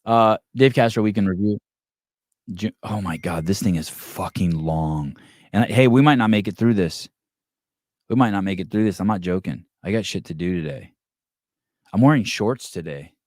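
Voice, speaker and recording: A middle-aged man hosts a casual podcast in a low, deep voice. He jokes crudely and swears freely, and he slips into voiced quotes as he tells stories. The sound is dry and close, with no room echo. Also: normal speed. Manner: profane, joking, animated storytelling with voiced quotes. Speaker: podcast host.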